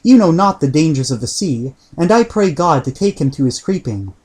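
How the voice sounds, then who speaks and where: A man's voice: on the high side, sing-song, normal speed, a little mellow. A man voicing a medieval nobleman mourning a lost friend in an audiobook reading, in archaic speech. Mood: lamenting.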